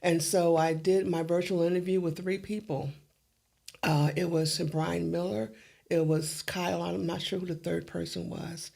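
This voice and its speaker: A middle-aged woman, an interview guest, telling her story in an animated way and acting out the dialogue. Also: lowish voice, a little slow, creaky.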